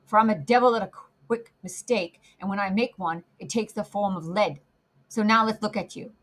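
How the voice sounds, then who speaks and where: A woman voicing a gruff, suspicious male coach guard who bellows warnings. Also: mid-range voice, normal speed, natural voice. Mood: threatening.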